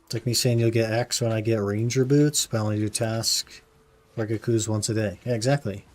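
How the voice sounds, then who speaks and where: A man's voice: fairly low pitch, fairly even intonation, fairly quick. Laid-back young male game streamer. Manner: laid-back, says "man" often, answers chat. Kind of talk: casual live-stream chat while gaming.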